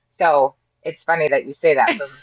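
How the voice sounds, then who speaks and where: A woman's voice: low voice, a little slow, dry recording, rough recording. A woman from Ohio, a guest on a podcast, speaking earnestly and rambling, with frequent restarts. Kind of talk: casual interview chat.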